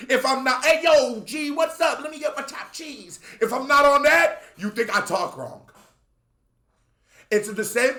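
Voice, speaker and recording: A man hosting a reaction video, ranting with passion in casual commentary and sometimes shouting. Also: sits high, roomy sound. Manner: impassioned, ranting, shouts at times.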